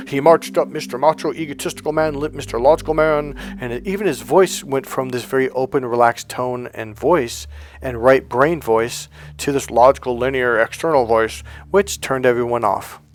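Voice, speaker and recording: A man working as a dating coach, telling a story to the camera, acting out the dialogue and swearing freely along the way. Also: mid-range voice.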